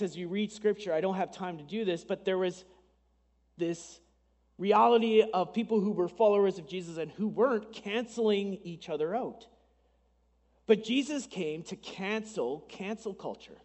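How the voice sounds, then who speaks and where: A man with a noticeably high voice delivers a Sunday sermon from the pulpit. He keeps it conversational, slipping in asides and acting out little bits of dialogue. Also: darkish tone, in a large hall. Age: adult, married. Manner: conversational preaching with asides and dramatized quotes. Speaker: pastor.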